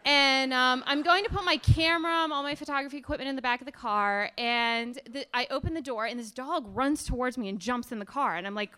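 A young woman tells a personal story live to an audience, chatty and meandering with plenty of ums. Her voice sits high and sounds bright and crisp, and she pokes fun at herself as she goes. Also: fast, few pauses. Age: young adult. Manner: chatty and rambling, with many ums; self-deprecating humor. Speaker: storyteller and salesperson.

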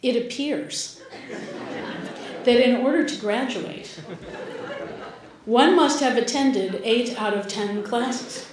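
Brief: a shrill, high proper mother who scolds, as a woman puts her on, echoey hall. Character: indignant proper middle-aged mother, woman.

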